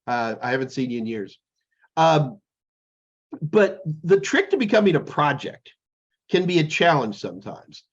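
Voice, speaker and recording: A man's voice: a little high, sing-song, normal speed, long pauses, lo-fi sound. A man co-hosting a podcast in casual chat, telling jokey, rambling stories. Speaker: podcast co-host.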